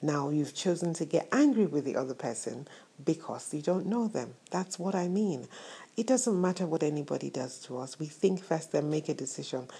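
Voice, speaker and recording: A woman with a low, deeply husky voice and a gravelly edge delivers an inspirational faith-based talk. She speaks straight to her listeners with affection and leans on repetition like a preacher. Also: expressive, normal speed. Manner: warm, affectionate addresses to listeners; upbeat, preacher-like emphasis with repetition. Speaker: host of a motivational show.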